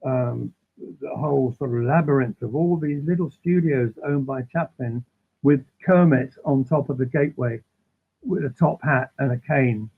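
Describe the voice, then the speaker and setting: A man guesting on an interview, telling animated, rambling anecdotes that keep interrupting themselves. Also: mid-range voice, moderate pace, vocal fry, husky. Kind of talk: casual storytelling. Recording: tinny phone-like line.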